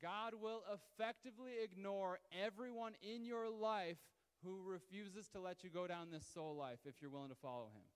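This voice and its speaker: A high-voiced male pastor preaches to his congregation in a loose, conversational way, tossing asides to the room. His tone is smooth and resonant. The sound carries a long reverb from the church hall. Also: normal speed, few pauses. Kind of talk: sermon. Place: church hall, live service.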